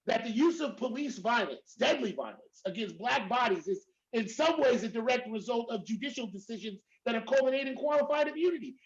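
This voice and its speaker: A man speaking as a professor on a panel, talking emphatically and checking in with "right?" again and again. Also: very high voice. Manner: emphatic, repeats "right?" often. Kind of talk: panel discussion. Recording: dull lo-fi audio.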